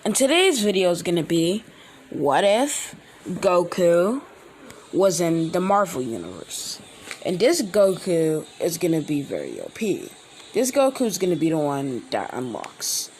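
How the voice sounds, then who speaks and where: A man hosting his own channel, telling a fan-made story in a rambling, halting way with many restarts. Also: sits high, very animated, a little mellow, slight background noise, low-quality recording. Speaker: channel host. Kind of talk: casual fan-fiction storytelling.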